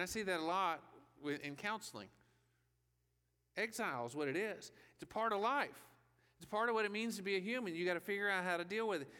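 Bright-voiced man preaching in a hall. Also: a little high, clear, resonant tone. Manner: conversational preaching with rhetorical questions. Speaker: pastor. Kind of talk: sermon. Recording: long reverb of a hall.

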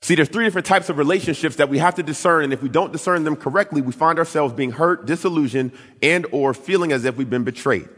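A man preaching a sermon, telling his story and acting out quoted voices with big swings in pitch. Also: fast talker, few pauses, a bit bright, in a large hall. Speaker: pastor.

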